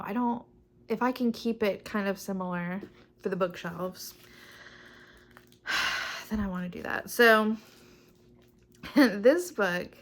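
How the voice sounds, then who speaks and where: A young woman talks through her books in a casual vlog. She's chatty and upbeat, rambling and restarting her sentences, at an ordinary middle pitch. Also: fairly bright tone. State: pregnant. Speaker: book vlogger. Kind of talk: casual chat.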